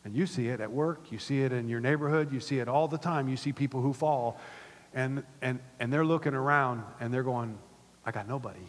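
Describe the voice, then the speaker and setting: A middle-aged pastor preaching a sermon in a church, animated and repetitive, dropping to soft asides between louder points. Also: male voice, medium pitch, fairly quick. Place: church auditorium. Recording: long reverb of a large hall.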